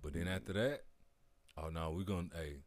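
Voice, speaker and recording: Deep-voiced man in profane army chat. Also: brisk, dry recording. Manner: laid-back, profane, laughing storyteller. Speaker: army veteran in conversation. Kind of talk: casual chat.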